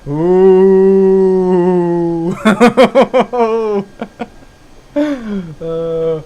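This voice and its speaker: Guy on a live stream, rambly and jokey, laughs a lot, swears, slightly higher voice. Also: animated, drawn-out words, pauses often, a little mellow. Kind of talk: casual live-stream chat.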